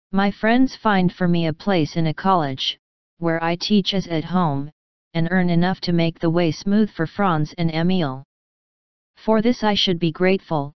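A woman voicing a kindly older German professor who speaks in halting, formal, earnest phrases. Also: fairly low pitch, clear, resonant tone, no echo, muffled recording, natural voice.

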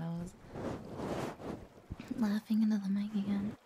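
A young woman streaming ASMR, chatting casually in a soft whisper and a low, slightly husky morning voice, a little congested from allergies. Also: slow, long pauses, background noise.

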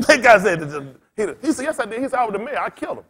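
A man preaching in loose storytelling style as a pastor, blunt and cussing, laughing as he swings between loud bursts and quiet asides. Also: extremely high pitch, very animated, quick pace, breathy edge. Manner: blunt, street-talking, cussing. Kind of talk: storytelling sermon.

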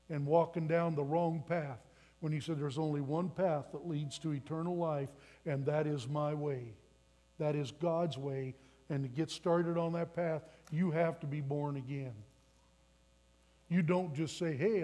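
A man's voice: on the high side, mellow. A man in his twenties preaching a sermon in a church, telling a personal story earnestly and building to emphatic appeals. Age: 20s. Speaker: pastor. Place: church sanctuary.

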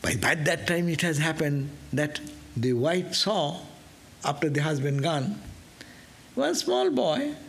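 Male monk storyteller for a scripture class, lively pitch, unhurried delivery. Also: gravelly. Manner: animated storyteller, acts out voices, asks "no?". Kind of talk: sermon storytelling.

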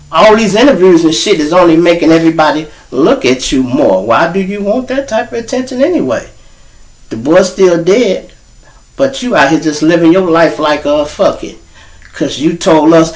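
A Chicago man hosts his own live show from a home room, telling stories straight to his audience in a casual monologue. His voice is a little high for a man, swinging from low mutters to sudden loud outbursts, and he cusses freely throughout. The recording is rough.

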